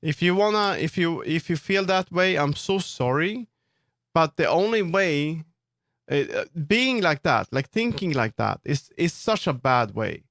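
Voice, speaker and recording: A man on a live stream chats with his viewers as he works, earnest and firm. His voice sits a little high for a man. The sound is close and dry, with no room echo. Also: a bit bright. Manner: talks to viewers while working, firm and earnest. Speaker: livestreamer and 3D model customizer. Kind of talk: casual livestream chat, answering chat.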